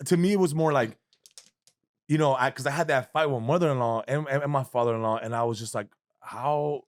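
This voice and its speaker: A man, telling an animated story as a guest comedian in a casual chat, swearing freely and acting out voices. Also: mid-range voice, fast, no room sound, studio quality.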